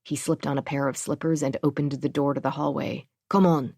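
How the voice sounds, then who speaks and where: A woman narrating a thriller audiobook in a measured, even way. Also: a bass voice, creaky, breathy edge, no room sound, clean studio sound.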